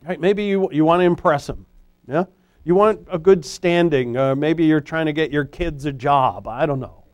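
Animated, higher-voiced man preaching a sermon. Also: normal speed, dry recording. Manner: conversational, animated preaching with frequent restarts. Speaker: pastor; former high school teacher. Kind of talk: expository sermon.

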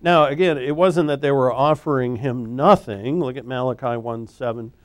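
A man preaching an expository sermon in a conversational, animated way, often restarting his sentences. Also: medium pitch, moderate pace, dry recording. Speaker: pastor; former high school teacher.

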